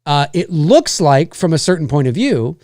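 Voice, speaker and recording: A man's voice: fairly high pitch, sing-song, normal speed, darkish tone, no echo, studio quality. A man with a Canadian accent hosting a live stream, chatting casually and rambling with lots of fillers and restarts.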